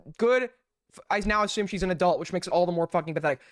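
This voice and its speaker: Profane streamer ranting into a dry mic. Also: male voice, sits high, rapid-fire, no room sound. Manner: profane, mocking, rants. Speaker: streamer host. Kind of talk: casual live-stream commentary.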